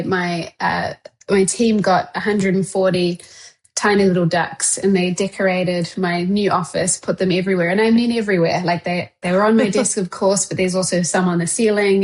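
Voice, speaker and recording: Low-voiced woman with a New Zealand accent. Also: a little mellow. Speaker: guest, sports executive. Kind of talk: casual interview chat.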